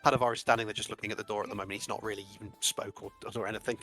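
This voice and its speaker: A man's voice: fairly low pitch, level tone, rapid-fire, sharp tone. A man narrating a tabletop game as game master, rambling with many restarts. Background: faint music.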